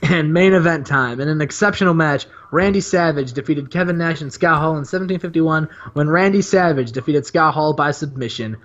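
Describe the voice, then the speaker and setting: A man hosting a casual podcast, excitedly recapping wrestling matches and laughing often. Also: fairly high pitch, fairly quick, hardly any pauses, dull audio. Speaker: podcast host.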